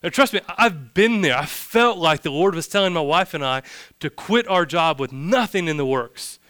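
A man's voice: a little high, animated, normal speed, a bit bright, clean tone, no echo, studio quality. A male pastor giving a sermon in a casual style with joking asides.

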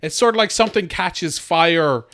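A man in casual podcast chat, throwing in quick sarcastic jokes. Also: fairly high pitch, fairly bright tone. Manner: quick jokey interjections, sarcastic.

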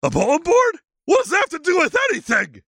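Brief: man doing a squeaky, wide-eyed Sasquatch in a podcast comedy bit, dry close mic. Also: wildly swooping pitch, fast, a bit bright, no echo, heavily acted. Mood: excited. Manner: gasping, gullible exclamations. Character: Sasquatch, male, excitable and slow on the uptake.

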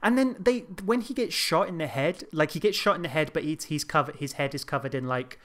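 A relaxed podcast co-host chatting about a movie at a middle pitch. The talk is hesitant and full of fillers, easygoing rather than forceful. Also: brisk. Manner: laid-back, hesitant, many fillers. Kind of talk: casual film discussion.

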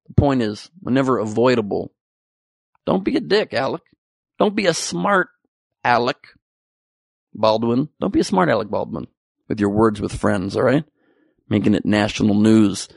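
A man's voice: on the low side, normal speed, gravelly, long pauses, no echo, studio quality. A man delivering a sarcastic, profane topical comedy monologue with rambling asides.

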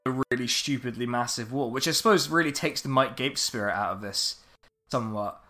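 A man hosting a livestream in casual chat, sardonic and sweary, with deadpan sarcasm. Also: mid-range voice, fairly quick. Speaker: livestream host.

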